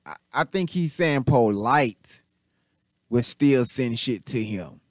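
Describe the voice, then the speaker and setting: A man's voice: mid-range voice, lively intonation, takes it slowly, no room sound. Casual man commenting in a dry voice. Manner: musing, thinking aloud, casual. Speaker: commentary show host. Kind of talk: casual commentary over played clips.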